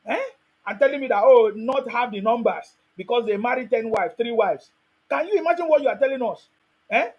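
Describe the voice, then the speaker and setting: A man's voice: very high-pitched, slightly rough, low-quality recording. A man with a Nigerian accent hosting a show, giving emphatic political commentary, with rhetorical questions and bits of Pidgin. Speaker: online show host.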